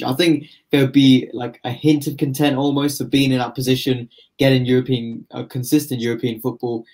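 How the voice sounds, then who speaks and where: A man's voice: medium pitch, darkish tone. Man giving confident football analysis. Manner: confident analytical, building points at length. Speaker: football pundit. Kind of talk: casual podcast discussion.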